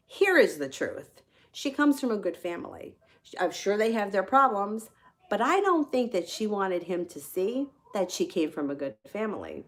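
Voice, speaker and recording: A woman's voice: on the low side, moderate pace. Candid, laughing woman telling a story. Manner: candid and animated, swears freely, laughs often. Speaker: tarot reader and channel host. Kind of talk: casual personal storytelling.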